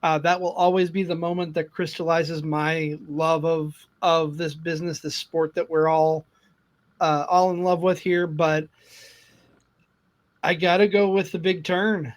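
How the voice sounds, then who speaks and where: High-voiced male podcast co-host. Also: level tone, unhurried. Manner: invites the others and listeners to join in. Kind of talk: casual podcast chat.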